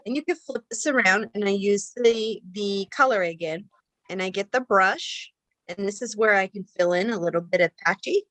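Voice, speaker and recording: A woman's voice: medium pitch, normal speed, bright, forceful tone, no echo, low-quality recording. A woman hosting a casual makeup demonstration, talking in a chatty, rambling way with many fillers and restarts. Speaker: makeup tutorial host.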